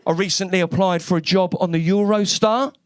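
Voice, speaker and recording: A man's voice: sits high, fairly even intonation, brisk, smooth, dry recording. A man from East London with a London accent, doing a brash, cheeky stand-up comedy set on a club stage with lots of swearing.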